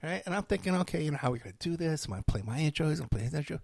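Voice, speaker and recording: A middle-aged man, hosting a podcast and telling stories in a rambling, animated monologue. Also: on the high side, racing, gravelly, breathy edge, no echo, clean studio sound. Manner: rambling, animated storytelling with laughs and asides. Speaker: podcast host.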